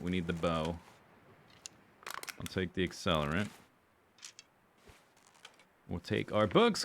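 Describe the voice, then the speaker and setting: With a low, slightly bright voice and some vocal fry, a man streams a survival game over slight background noise. His talk is chatty and rambling as he reviews gear and plans, self-correcting throughout.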